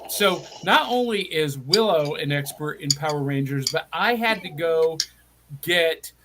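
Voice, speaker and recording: A man's voice: high-pitched, noisy background. A middle-aged man from Middle Tennessee hosting a live online show, chatty and enthusiastic with frequent restarts. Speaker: host.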